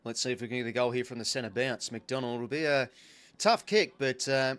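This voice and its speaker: A young Australian man giving casual live commentary on a football match he is watching as a fan, chatty and partisan, with excitable bursts. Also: mid-range voice, a little fast, clear, resonant tone.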